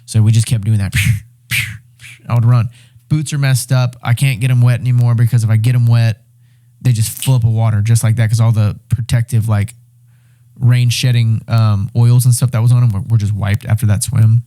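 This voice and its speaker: Mellow-voiced man telling an excited survival story. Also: medium pitch, brisk. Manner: animated, excited retelling with swearing and restarts. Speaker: podcast guest, reality show winner. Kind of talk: casual storytelling.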